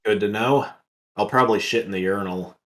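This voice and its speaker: A man's voice: on the low side, fairly quick, a bit bright. A man co-hosting a podcast, joking and telling rambling stories in casual chat, swearing freely. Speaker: podcast co-host.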